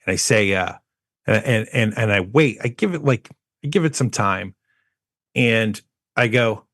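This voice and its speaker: A man co-hosting a podcast, chatting casually and telling a lively anecdote in which he mimics other people. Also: on the low side, measured pace, pauses often, dry recording, studio quality. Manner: animated anecdote teller who mimics people. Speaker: podcast co-host. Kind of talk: casual chat, storytelling.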